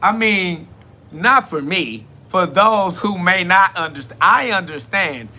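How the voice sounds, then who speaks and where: Bright-voiced man mocking his chat. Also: high voice, expressive, takes it slowly. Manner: blunt, mocking, laughs often. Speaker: podcast host. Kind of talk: live solo podcast answering chat questions.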